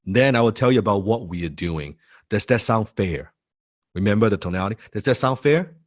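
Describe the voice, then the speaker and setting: A man's voice: lowish voice, brisk. A man teaching a sales training lesson, repeating key points and acting out what prospects say. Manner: animated, repeats key phrases, acts out prospects' replies.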